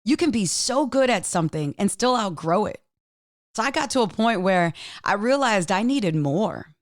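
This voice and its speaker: In a clean, echo-free studio recording, a podcast host delivers a motivational solo talk straight to her listener. Her mid-range voice is expressive and moves at a normal speed, earnest and emphatic, as emotion chokes her up.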